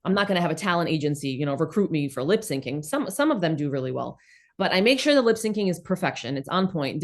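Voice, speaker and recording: A woman in her thirties with a New York accent, originally from the former Soviet Union, chatting as an interview guest in an animated, emphatic, blunt way. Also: sits low. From former Soviet Union, raised in New York City. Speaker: guest, comedian and content creator. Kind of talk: casual interview chat.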